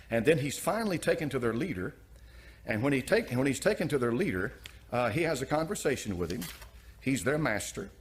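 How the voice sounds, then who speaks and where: Man preaching with a lively, rising-and-falling pitch. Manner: reads diary passages aloud, then comments and questions. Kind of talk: sermon retelling a diary.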